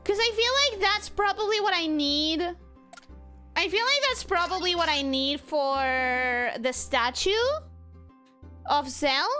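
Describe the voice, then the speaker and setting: A young woman streaming a game, chatting casually and reading chat, animated and quick to squeal and laugh. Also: high-pitched. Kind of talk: casual gameplay commentary.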